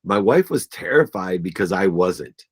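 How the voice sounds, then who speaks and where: A man with a fairly low voice speaks as a guest in an interview. He tells emotional personal stories, slipping into the voices of family members, and gets choked up as he goes. His delivery stays earnest and animated through it all. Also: measured pace, husky. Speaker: guest, business coach.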